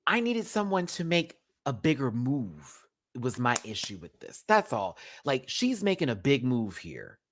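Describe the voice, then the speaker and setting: A man's voice: mid-range voice, measured pace. A man hosting a live review stream, talking casually and sassily, swearing a lot, slipping into campy impressions and reading out viewer chat. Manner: sassy, animated, swears often, slips into campy impressions; reads out and answers viewer chat.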